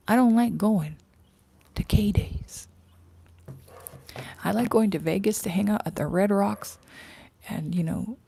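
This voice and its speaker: A woman's voice: lowish voice, gravelly, dark tone, husky. A woman hosting a casual livestream outdoors, rambling and chatty, often dropping into whispered asides. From Canada. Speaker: livestream host. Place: outdoors in morning sun.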